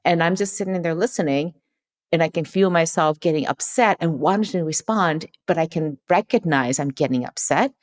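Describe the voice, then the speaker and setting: Earnest woman guest, lowish voice. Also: moderate pace. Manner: earnest, acts out quoted dialogue. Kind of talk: conversational interview.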